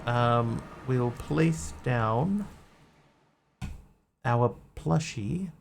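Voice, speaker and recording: Gravelly-voiced man musing through a game. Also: medium pitch, expressive, extremely slow, slight background noise. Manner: rambling, talks to himself while playing. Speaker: streamer. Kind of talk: casual gameplay commentary.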